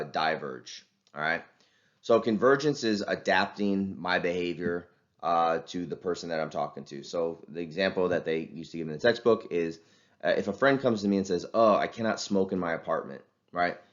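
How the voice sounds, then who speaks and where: A deep-voiced man gives a relaxed, conversational lecture to his class. He talks through ideas with plenty of fillers and restarts. The recording sounds slightly dull.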